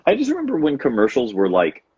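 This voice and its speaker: A man's voice: mid-range voice, huge pitch swings, fast, a little mellow, breathy edge, no echo. A man co-hosting a podcast in casual chat, rambling with restarts and laughing often. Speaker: podcast co-host. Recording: dull lo-fi sound.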